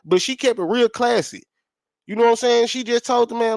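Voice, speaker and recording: High-voiced blunt man ranting. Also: a little fast, gravelly, no echo. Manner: blunt, profane, emphatic, repeats himself. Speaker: podcast co-host. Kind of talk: heated casual talk-show banter.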